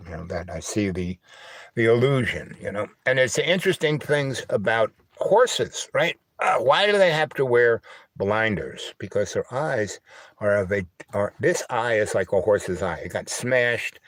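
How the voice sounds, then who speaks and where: Male livestream host, low-ish voice, slight lisp and twang, rambling halting delivery, dry close phone sound. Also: dry recording. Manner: halting, filler-heavy, asks "right?" often. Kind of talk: rambling casual livestream monologue. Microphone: old phone.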